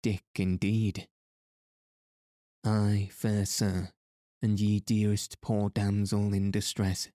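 A sharp-tongued young lady from an old storybook who teases everyone around her, read by a man. The delivery is slow and even, with a dark, low tone. It sounds dry and close to the mic. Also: dry recording. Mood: mocking. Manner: mocking, old-fashioned speech. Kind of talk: audiobook reading.

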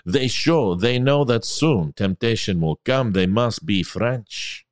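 A man's voice: on the low side, lively intonation, takes it slowly, no echo, clean studio sound. A man voicing a Frenchman in a joke, reading half-heartedly. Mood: admiring. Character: Frenchman admiring a painting.

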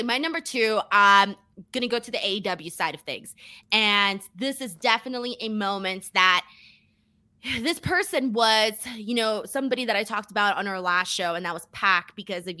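A woman's voice: medium pitch, sharp tone, no echo. A woman co-hosting a podcast in a casual chat, talking loosely with lots of fillers. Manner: chatty, heavy on fillers like "like" and "you know". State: running on little sleep. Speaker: podcast co-host.

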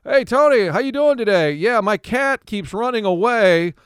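An eager, folksy sports fan calls in with a loud, high, stretched-out voice, as a man puts him on. It is crisp and dry, with no room around it. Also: lively intonation, normal speed, no room sound. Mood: excited. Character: excitable male sports fan caller, folksy. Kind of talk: put-on voice in radio storytelling.

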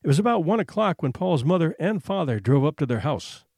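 Expressive male storyteller, dry close sound. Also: on the high side, breathy edge, no room sound. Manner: expressive, builds suspense with hushed pauses. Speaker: narrator. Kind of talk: dramatic story reading.

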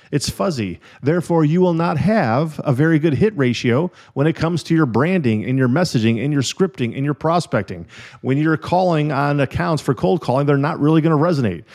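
A man's voice: on the high side, darkish tone. A middle-aged man hosts a solo coaching podcast in an emphatic, direct manner. He addresses the listener head-on and repeats key words to drive his point home. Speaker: podcast host and insurance business coach.

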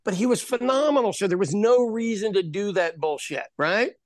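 A man from Oklahoma, a former stand-up comic, telling stories in a casual, animated chat with frequent swearing. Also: sits high, no echo, studio quality. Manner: animated storyteller, swearing, quick asides.

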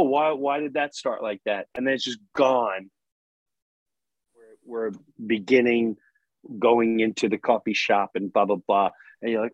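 Male host, husky voice, lively anecdote-teller, acts out the voices. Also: mid-range voice, no room sound. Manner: animated, acts out voices in anecdotes, laughs often. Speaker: podcast host. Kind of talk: storytelling in casual conversation.

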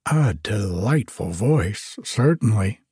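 A man voicing a talkative, self-satisfied little pond frog in a storybook, prattling on in a breathy, often whispery voice. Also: on the low side, expressive, slow, darkish tone, no room sound, clean studio sound, heavily acted. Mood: chatty. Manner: gushing, prattling, complacent.

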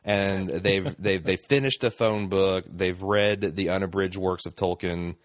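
Low-voiced man in casual podcast chat. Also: steady tone, unhurried, dry recording, clean studio sound. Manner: rambling, frequent fillers and laughs. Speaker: podcast co-host.

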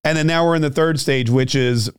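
A man's voice: a little high, fairly quick, clear, resonant tone, no room sound, studio quality. Joking, rambling male podcast host. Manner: joking, self-mocking asides; restarts and trails off often. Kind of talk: rambling political commentary.

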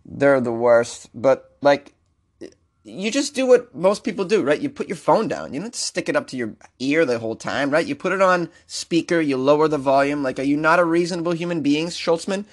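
A man's voice: on the high side, expressive, normal speed. A man hosting a comedic news podcast, rambling and joking in a self-mocking way. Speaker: podcast host.

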